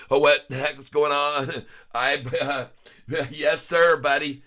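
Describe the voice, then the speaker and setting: Guy doing live stock commentary, bright sharp voice, laughs a lot, hypes it up. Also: medium pitch, takes it slowly. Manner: excitable, laughs often, rhyming hype riffs. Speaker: stock trading vlogger.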